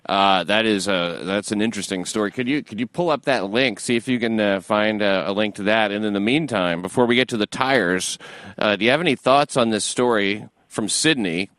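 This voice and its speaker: Low rambly guy hosting a talk show, lots of uhs and restarts, swears a bit, dead dry mic. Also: a bit bright, no echo. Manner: rambling, halting with many fillers, profane. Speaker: radio show host. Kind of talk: crude casual talk-show chat.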